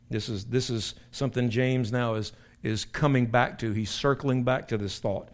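A man's voice: medium pitch, fairly even intonation, normal speed, few pauses. An older man in his sixties, a pastor leading a Bible study in a conversational, emphatic way, often repeating and restarting phrases. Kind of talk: sermon-style Bible teaching.

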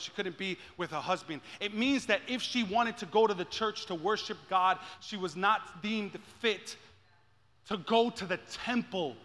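A man preaching a sermon as pastor, moving from quiet intensity to shouted peaks and repeating his phrases. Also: high-pitched, big-room sound.

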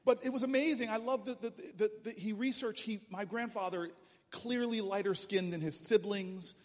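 Speaking at normal speed in a high voice, a politician from New Jersey, USA, entertains a town hall crowd with funny stories, restarting often in his animated delivery. The recording comes from far away in a large, echoing public hall.

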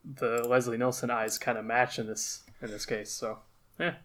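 A man co-hosting a casual film podcast, animated and quick to laugh. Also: mid-range voice, crowd noise. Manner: animated, laughing, quotes lines. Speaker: podcast co-host.

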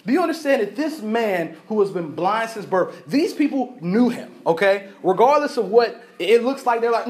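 Male pastor with a high voice, preaching casually and acting out the story. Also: expressive, normal speed, hardly any pauses, a little mellow. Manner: casual storytelling, acts out characters, laughs often. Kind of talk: sermon. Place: church.

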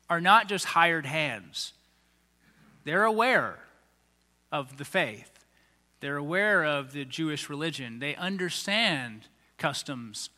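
A pastor preaching a sermon, animated and acting out the lines of people in the story he tells. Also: high voice. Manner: animated, acts out quoted voices of the crowds and leaders. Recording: long hall reverb.

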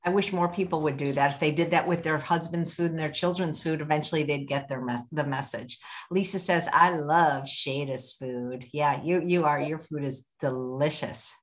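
A woman with a notably low voice hosting a live online interview. She banters with her guest and breaks in to read viewer comments aloud. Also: fairly quick. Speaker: podcast host.

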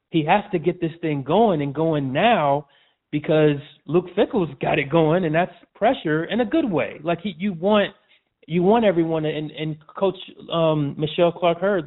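A man as a podcast guest, chatting casually with frequent restarts and calling the host "man". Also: on the high side. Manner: casual, repeats and restarts, says "man" often. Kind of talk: casual interview chat. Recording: tinny phone-like audio.

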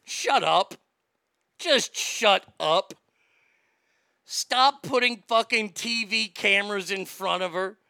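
A late-forties man hosts a live show in a crude comic rant, jumping from loud outbursts to low mutters. His voice sits high with a gravelly rasp and a sharp, bright edge. The sound is dry and close. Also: slow, long pauses, no room sound. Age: late 40s. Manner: profane, mocking, swings between loud outbursts and mutters.

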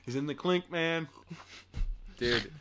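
A man's voice: fairly high pitch, slow, a bit bright. A man on a casual comedy podcast, riffing sarcastically and nitpicking his friends' jokes. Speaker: podcast host or guest.

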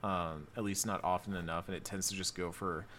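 A man hosting a casual podcast, recapping a video game in a relaxed, rambling way with lots of fillers. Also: sits low, a little fast, a little hiss or hum. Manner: relaxed, thinking aloud with many fillers.

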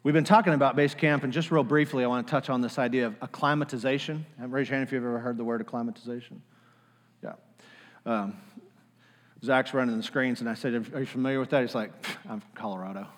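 A man preaching a sermon, animated, leading the congregation in call-and-response. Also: medium pitch, quick pace, long reverb tail. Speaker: pastor.

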